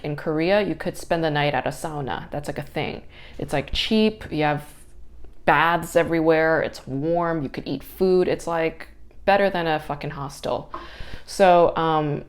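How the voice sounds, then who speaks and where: A young woman hosting a podcast, telling a story casually with lots of swearing and exasperated ranting. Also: sits low. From New York area. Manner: profane, exasperated, animated ranting. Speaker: podcast host.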